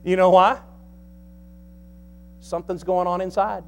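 A male pastor delivers an animated, folksy sermon. His voice sits high for a man and swings from quiet asides to loud, pressing emphasis. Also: a little slow, vocal fry, a little hiss or hum.

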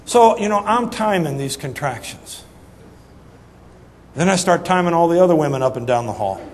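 A middle-aged man preaching a sermon, telling a humorous story in an animated, folksy way that swings between loud punchlines and soft asides. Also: fairly high pitch, moderate pace, a little hiss or hum. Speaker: pastor. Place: church sanctuary. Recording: reverberant church hall, faint ambience.

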